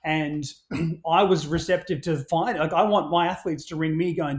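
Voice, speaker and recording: A man on a podcast, his voice pitched a little high. He tells his stories in an animated rush, full of restarts and casual swearing. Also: normal speed. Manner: animated storyteller, swears freely, many restarts. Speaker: podcast guest, brand founder.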